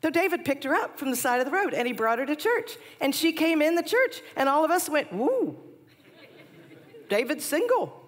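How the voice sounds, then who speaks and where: Woman in her forties, chapel speaker with lively storytelling; long reverb from a big hall. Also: high voice, quick pace, hardly any pauses. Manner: animated storyteller, laughs at herself.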